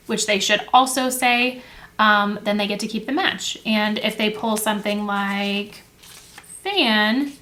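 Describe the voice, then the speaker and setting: A woman's voice: mid-range voice, sharp tone. A young woman teacher talking casually and in a friendly way to camera as she explains classroom activities. She fills her talk with "um" and "like" and often corrects herself. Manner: friendly and chatty, with filler words and self-corrections. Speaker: teacher and education video host. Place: indoors at a table with materials. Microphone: camera close to the table.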